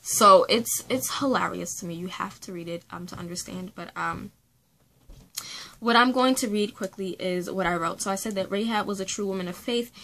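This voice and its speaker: A woman's voice: mid-range voice, moderate pace, bright, forceful tone, low-quality recording. Young female book reviewer, casual and heartfelt, talks with frequent ums and restarts. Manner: chatty, earnest, with many fillers.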